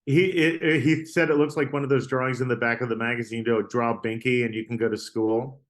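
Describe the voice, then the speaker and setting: A man tells stories as a guest on an interview podcast, chatty and rambling. He tosses in "right?" and "like" as he goes. His voice sits in a middle pitch. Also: fairly even intonation, brisk. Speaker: artist guest. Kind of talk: casual storytelling interview.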